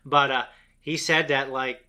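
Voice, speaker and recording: A man's voice: medium pitch, level tone, measured pace, pushed and bright. A young man co-hosting a reaction show, chatting casually and rambling with lots of fillers and restarts. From grew up around rural American South. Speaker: co-host of a reaction channel. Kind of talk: casual chat.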